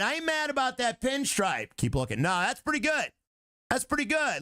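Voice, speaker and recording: A man's voice: very high voice, moderate pace, no echo, studio quality. A man streaming a truck driving game, chatting casually with his chat, joking and singing snatches of songs. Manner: animated, joking, breaks into silly snatches of song. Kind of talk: casual gameplay commentary to chat.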